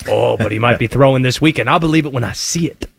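A man putting on a loud, excitable Cajun-drawling conspiracy character who rambles through hot takes. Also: mid-range voice, fast talker, vocal fry, husky, voice pushed down. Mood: excited.

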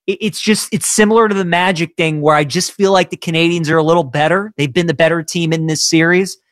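A man's voice: a little high, fast talker, no room sound. Dry-sounding chatty sports co-host man. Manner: chatty, animated predictions. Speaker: sports betting show co-host. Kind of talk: live sports talk.

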